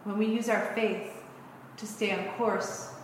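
A woman minister preaching a sermon, telling a story and teaching in an unhurried way. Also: medium pitch, steady tone, a little hiss or hum. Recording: echoey hall.

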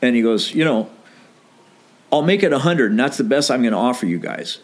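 Man telling a lively band anecdote. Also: medium pitch, brisk. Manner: animated anecdote with quoted dialogue, laughs often. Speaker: guest telling a story. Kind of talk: casual storytelling.

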